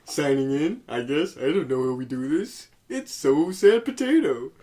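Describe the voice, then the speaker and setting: A man hosting a podcast puts on a goofy Canadian-style fellow with a Muppet-like, cartoonish tone. His voice sits high and leaps around playfully. It is a silly bit, not a real accent. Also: expressive, moderate pace, mellow, lightly acted.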